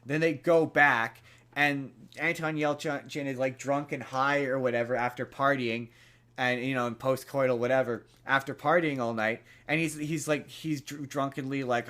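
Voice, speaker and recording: A man's voice: mid-range voice, steady tone, moderate pace, pushed and bright. A young man co-hosting a podcast, casually retelling a movie plot with lots of fillers and restarts. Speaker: podcast co-host. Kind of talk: casual chat.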